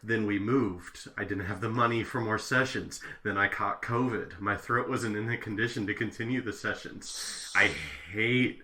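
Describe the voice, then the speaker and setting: A man's voice: on the low side, steady tone, moderate pace, hardly any pauses, pushed and bright. A man co-hosting a podcast, talking casually with a wry, dry manner. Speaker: podcast co-host. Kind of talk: casual chat.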